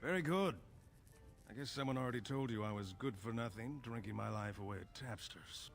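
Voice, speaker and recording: An actor playing a drunken, self-mocking dwarf noble in a video game, with a sardonic tavern drawl, heard distant in the game audio. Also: male voice, mid-range voice, fairly quick, vocal fry, faint music behind, lightly acted. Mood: wry.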